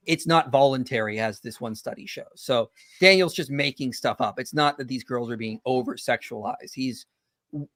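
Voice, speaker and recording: A man's voice: mid-range voice, moderate pace, a bit bright, no room sound, clean studio sound. A man in his thirties hosting a casual online panel discussion, talking loosely with many fillers and a dismissive tone. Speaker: host.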